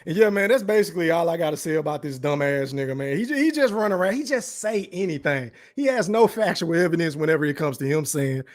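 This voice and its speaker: High-voiced man ranting profanely. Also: animated, quick pace, hardly any pauses, no room sound, clean studio sound. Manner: profane, heated and mocking; talks straight to his chat audience. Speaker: podcast host. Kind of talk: live-streamed commentary rant.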